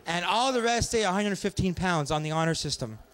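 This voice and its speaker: A man with a fairly high voice works through a stand-up set on a small pub stage. He keeps things wry and deadpan, tossing quick asides to the crowd between jokes. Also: slight background noise. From Ontario, Canada. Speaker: stand-up comic.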